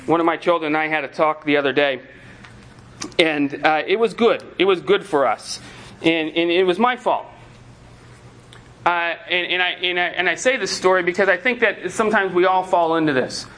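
A man's voice: on the high side, normal speed, fairly bright tone, rough recording. A man preaching to parents in a conversational sermon style, telling a story and acting out the lines of the people in it. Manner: conversational preaching with acted-out quotes. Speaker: pastor.

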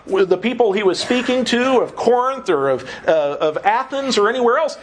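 A man's voice: very high voice, a little hiss or hum, rough recording. A man preaching a sermon, earnest teaching that often breaks into a chuckle.

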